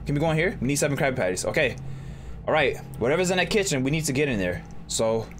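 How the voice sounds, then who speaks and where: A man's voice: animated, fast talker. A young man commenting on a horror game he is playing, joking and squealing when startled. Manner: jokey, jumps into high squeals when startled. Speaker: gaming YouTuber. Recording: music bed under voice.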